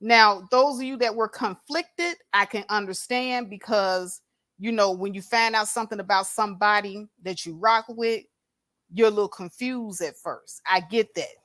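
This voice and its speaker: At a normal pace, an adult woman with a grown daughter hosts an unscripted livestream, swearing heavily and speaking bluntly and confrontationally through a plug-in mic. Her voice is mid-range and a bit bright, recorded dry at studio quality.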